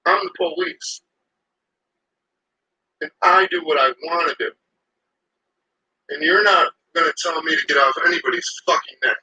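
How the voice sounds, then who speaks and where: A man's voice: fairly high pitch, moderate pace, pauses often, sharp tone, slightly rough, muffled recording, exaggerated voice. A man mimicking a defiant, profane male police officer who is contemptuous of bystanders. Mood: defiant contempt.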